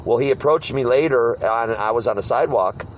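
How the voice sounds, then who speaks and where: Animated man telling street-preaching stories. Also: medium pitch, brisk, slight background noise, poor audio. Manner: animated storyteller, mimics hecklers. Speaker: street preacher leading a discussion. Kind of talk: casual group talk with acted-out quotes.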